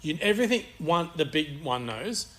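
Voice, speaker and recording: A man's voice: a little high, very animated, normal speed, fairly bright tone. A man co-hosting a podcast, rambling crudely through casual banter and swearing freely. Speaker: podcast co-host.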